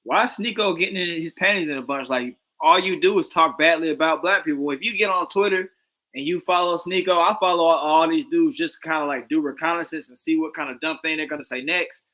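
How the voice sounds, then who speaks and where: A man hosting a stream reacts to a debate with loose, rambling, casual commentary full of slang and filler words. His voice is a little high, brisk, and sharp in tone, and the audio quality is poor.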